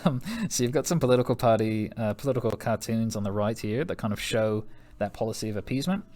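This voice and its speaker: A man's voice: fairly low pitch, quick pace, darkish tone. A young American man teaching a history lesson in a chatty, joking way, laughing often and dropping slang asides. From United States. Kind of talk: recorded classroom lesson.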